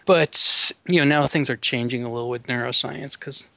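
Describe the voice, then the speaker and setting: A man of middle pitch speaks as a neuroscientist guest, explaining ideas with lots of "you know" fillers. His voice is recorded dry, with no room sound. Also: normal speed, vocal fry, bright, forceful tone, no echo. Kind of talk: casual interview talk.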